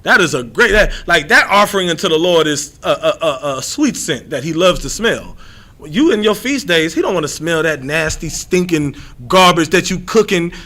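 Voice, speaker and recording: A man teaching scripture in a loose, blunt, slangy way. His voice sits high and sounds bright and sharp. He drags out repeated lines for emphasis and keeps restarting his thoughts. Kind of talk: street-style scripture lesson.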